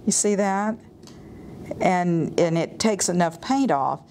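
Woman painter demoing live, southern roots, lowish voice, chatty, faint room hiss. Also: slow, darkish tone. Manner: chatty, enthusiastic, thinks aloud while painting. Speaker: artist giving a painting demo. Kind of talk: live painting demonstration, casual talk. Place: art studio or gallery room.

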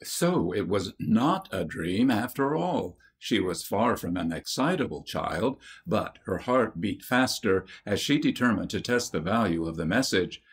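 A man narrating a children's story from an audiobook in a measured storytelling manner. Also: on the low side, lively intonation. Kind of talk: scripted narration.

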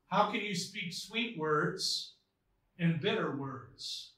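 A man's voice: high voice, lively intonation, slow, sharp tone. A man preaching a sermon as pastor, reading scripture aloud with earnest emphasis. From United States. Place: church sanctuary. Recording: echoey church hall from far off.

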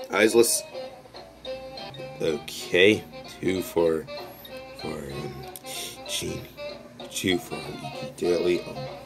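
A man making an unscripted comedy skit, bickering back and forth as though several people share the table. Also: low-pitched. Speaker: creator of an improvised comedy skit.

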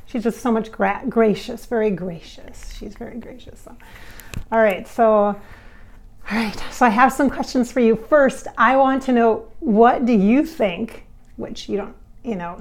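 A woman's voice: on the high side, darkish tone. A woman hosting a spiritual vlog, talking in an effusive, giggly way with frequent laughs. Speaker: channeler and vlog host. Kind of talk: casual spiritual vlog talk.

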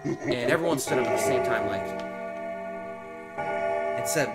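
A young man chats casually while playing a game, telling stories with a pitch that climbs and falls a lot. He swears freely and jumps into sudden loud outbursts. Game music plays loudly behind him. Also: lively intonation, unhurried, long pauses. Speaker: gaming co-host. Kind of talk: casual let's play chat.

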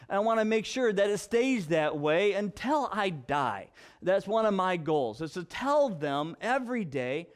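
Pastor, male, young dad, high voice, animated anecdotal preaching style. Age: young father. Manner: animated storyteller, repeats himself for effect. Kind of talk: conversational sermon with personal stories.

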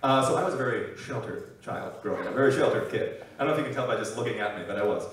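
A young man performing a stand-up set with impressions, animated and self-deprecating. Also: medium pitch, racing. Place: live comedy stage with audience. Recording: echoey room, distant mic, noisy.

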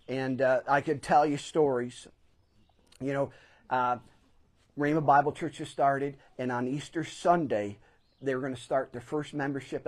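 A middle-aged man, a pastor, preaching a sermon in a church sanctuary, telling a personal story and pressing hard on key phrases. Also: medium pitch.

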